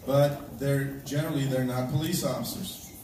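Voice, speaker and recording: A man's voice: medium pitch, steady tone, moderate pace, a little mellow. A man who serves as a church elder, leading a congregation through a security drill in a conversational way and often checking in with the audience. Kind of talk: addressing a congregation. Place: large echoey church hall, indoors. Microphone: distant livestream device. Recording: very echoey, distant, noisy live stream.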